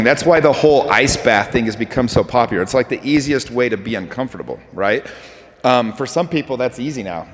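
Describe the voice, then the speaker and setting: A man giving a motivational talk to an audience, telling animated stories with acted-out quotes. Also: medium pitch, fairly quick. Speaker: speaker. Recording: hall with reverb.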